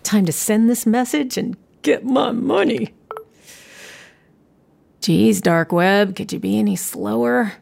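A wry, scheming young hacker mutters impatient, dry asides in an audio drama. Her mid-pitched voice carries a gravelly fry. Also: takes it slowly, pauses often, darkish tone, heavily acted.

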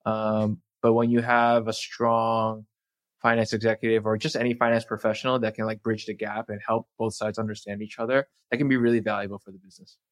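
A man's voice: lowish voice, flat delivery, a little fast, dry recording, clean studio sound. Hesitant male podcast host. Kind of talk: podcast interview.

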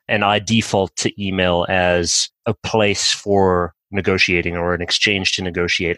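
A man's voice: lowish voice, bright, forceful tone, dry recording. A man hosting an interview, conversationally summarizing points and asking follow-up questions. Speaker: podcast host.

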